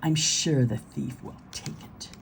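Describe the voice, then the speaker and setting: A woman reading a children's storybook aloud, gentle and expressive. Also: extremely low pitch, takes it slowly, gravelly, in a whisper, rough recording.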